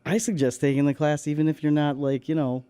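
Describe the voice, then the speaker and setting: Easygoing man with a mellow voice. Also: a little high, flat delivery, fast talker, clear, resonant tone, no room sound. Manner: easygoing, laughs often, gives practical advice. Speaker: co-host. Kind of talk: casual radio chat. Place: radio studio.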